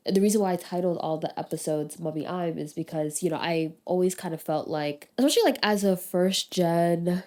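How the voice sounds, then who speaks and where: A young woman hosts a casual podcast chat with a mellow, warm tone that sits a little low. She talks in an earnest, reflective way and leans on plenty of fillers. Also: a little fast, hardly any pauses. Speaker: podcast host.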